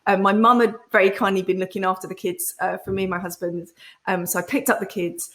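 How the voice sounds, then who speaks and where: A woman in the middle of her speaking range tells her story candidly as an interview guest. She is animated and acts out remembered conversations. She restarts her sentences often and fills pauses with "um". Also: mid-range voice. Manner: frequent fillers and restarts. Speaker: podcast guest, entrepreneur.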